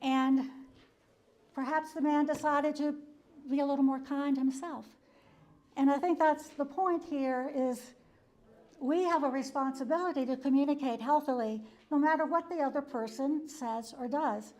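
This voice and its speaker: A woman's voice: high voice, moderate pace, a little mellow. A woman psychologist giving a church wellness talk, telling a personal story conversationally with frequent "um" and "you know" and many chuckles. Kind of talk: conversational presentation with a personal anecdote.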